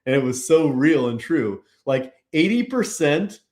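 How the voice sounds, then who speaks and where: In a relaxed podcast interview, a Pennsylvania man who owns a business rambles casually, scattering "like" and "you know" throughout. His voice is a little high and darkish in tone, sing-song and unhurried.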